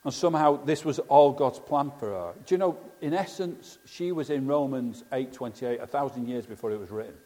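Earnest preacher in a reverberant hall. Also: male voice, mid-range voice, fairly quick, hardly any pauses, mellow. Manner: earnest, conversational, asks rhetorical questions. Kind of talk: sermon.

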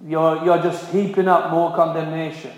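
A man's voice: on the high side, little pitch movement, normal speed, lo-fi sound. A man preaching a sermon, earnest and emphatic, repeating key phrases for stress. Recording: very echoey hall with long reverb.

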